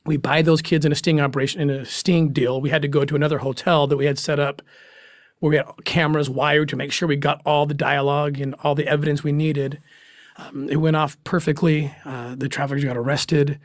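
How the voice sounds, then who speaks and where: A man recounts his past fieldwork as a guest in an interview, his voice a little higher than most men's. He is earnest and emotional, pausing and starting over as he goes. The sound is dry and close, with no room around it. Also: level tone, no echo. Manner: earnest and emotional, with restarts and pauses. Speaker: guest, former special agent. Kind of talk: personal story told in an interview.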